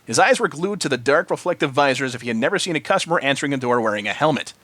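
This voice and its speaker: A man's voice: medium pitch, expressive, very fast, a bit bright, no echo. A man reading a story aloud, narrating expressively. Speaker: story reader.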